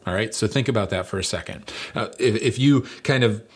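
A man's voice: fairly low pitch, a little fast. A middle-aged male lead pastor delivering a conversational sermon, telling stories with fillers and self-deprecating humor.

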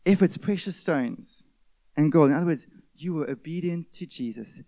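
A man preaching a sermon, stressing key words loudly and then dropping to a hush. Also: fairly high pitch, moderate pace. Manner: emphatic preaching, swings between loud stresses and hushed drops. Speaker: pastor.

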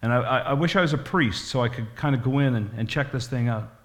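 A man's voice: mid-range voice, fast talker, lightly acted. A man voicing a curious, wistful Moabite man who eagerly asks to be let inside. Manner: eager, wishful questions.

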